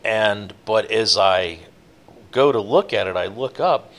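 A man telling a long fishing-boat story in a relaxed, rambling interview, with many fillers. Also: on the low side, slow pace. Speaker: guest, offshore fishing boat captain.

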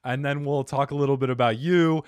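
A man's voice: mid-range voice, fairly even intonation, clear, resonant tone, dry recording. Playful man hosting a podcast, dry sound. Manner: playful, quick to laugh. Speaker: podcast host. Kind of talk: casual podcast chat.

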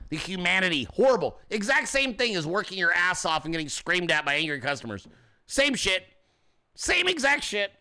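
A man's voice: sits high, bright, forceful tone. A man hosting a casual livestream, mocking and profane, laughing often and switching into sarcastic put-on voices. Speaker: host.

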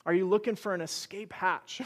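A pastor with a high-pitched voice delivers a sermon at a moderate pace and a steady tone. Earnest and pleading, he poses rhetorical question after rhetorical question and shares gentle personal stories.

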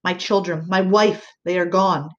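A woman's voice: fairly low pitch, steady tone, measured pace, lo-fi sound, natural voice. A woman voicing a small, desperate man grieving his family, his voice breaking as he pleads. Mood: anguished.

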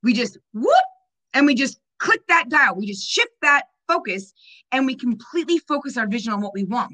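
A woman's voice: fairly high pitch, fairly bright tone. Enthusiastic woman in earnest chat. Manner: enthusiastic, earnest, spiritual talk. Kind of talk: casual conversation.

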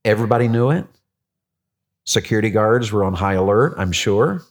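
A man preaching a sermon as pastor, animated and jokey, with many restarts. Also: lowish voice, normal speed.

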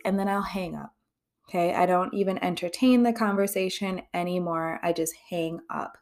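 Therapist lady doing her podcast, lowish voice, chatty and blunt, swears a lot. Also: moderate pace, darkish tone. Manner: candid and conversational, with frequent swearing. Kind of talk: casual podcast monologue.

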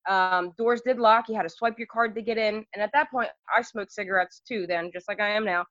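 A young woman telling a story in casual conversation, animated, with many fillers and asides. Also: medium pitch, a little fast, dry recording, muffled recording.

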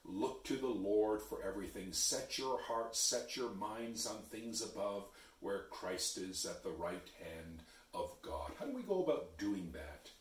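Deep slow-speaking male preacher. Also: animated, distant mic. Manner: slow, measured, dropping to a hush on key words. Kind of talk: sermon. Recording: echoey, from off-mic.

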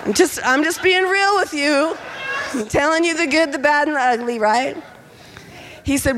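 A middle-aged woman telling personal stories to an audience, lively and candid. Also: sits high, normal speed, in a large hall, slight background noise. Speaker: speaker. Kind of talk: personal storytelling talk.

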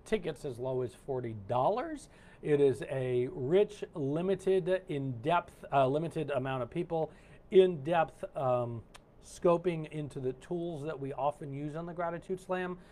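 A man's voice: on the high side, unhurried. A man coaching and hosting a live online session over a video call, talking casually with lots of fillers and restarts. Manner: animated, warm-hearted, rambling with many fillers. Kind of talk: casual live-stream talk.

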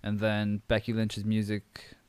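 Young guy rambling thru a wrestling recap, lots of uhs, smooth clear voice, dry close mic. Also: fairly low pitch, completely flat delivery, a little slow, dry recording. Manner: rambling, filler-heavy, amused. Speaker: podcast host.

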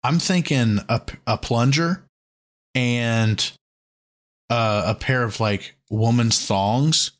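A man's voice: medium pitch, slow. A man co-hosting a podcast, chatting casually and rambling through crude jokes. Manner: crude joking, rambling storyteller. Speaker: podcast co-host. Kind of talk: casual chat.

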